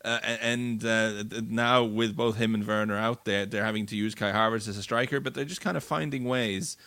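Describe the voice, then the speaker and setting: Bright-voiced football pundit, man. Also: fairly low pitch, fairly even intonation, brisk, no room sound. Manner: fluent but full of restarts and repeated words. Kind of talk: casual sports podcast analysis.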